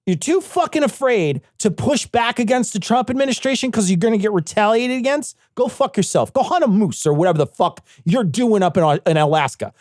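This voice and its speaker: A podcast co-host in casual political chat, blunt and profane, repeating lines for emphasis. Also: male voice, high voice, animated, brisk, few pauses, darkish tone, no room sound, studio quality.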